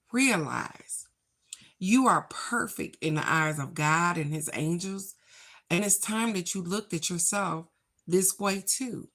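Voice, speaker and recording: This woman's voice is low-pitched but fairly bright as she talks viewers through her daily spiritual card draw. The vlog is casual, and she chats spiritually, calling them "y'all" and "baby."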